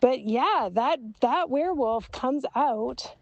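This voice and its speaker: Slow, gravelly woman's voice memo. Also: high-pitched, lively intonation, no echo, lo-fi sound. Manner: reflective, halting, many fillers and soft laughs. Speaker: author and guest in voice memo exchange. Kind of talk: casual confessional voice memo. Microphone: phone voice memo.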